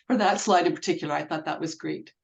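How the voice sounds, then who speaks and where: A woman's voice: sits low, fast, vocal fry. A woman co-hosting a webinar, thanking the speaker in hesitant conversational remarks. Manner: hesitant, with fillers.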